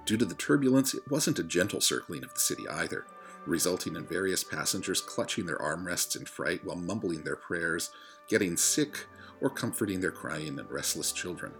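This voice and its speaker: Deep-voiced man reading a story aloud. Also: a bit bright. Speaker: listener reading a chapter. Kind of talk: audiobook reading.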